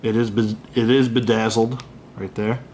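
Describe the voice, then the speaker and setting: A man's voice: on the low side, level tone, moderate pace, darkish tone, a little hiss or hum. Man griping through a casual toy review. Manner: candid, griping, swears freely; rambling with many fillers and self-corrections. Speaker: action figure reviewer.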